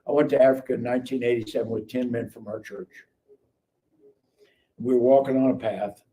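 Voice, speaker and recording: Over a live stream call, a male guest tells his life story in a casual testimony style, voicing the dialogue as he goes. He has a mellow, medium-pitched voice, a steady tone and a fairly quick pace. The mic is distant, with faint noise.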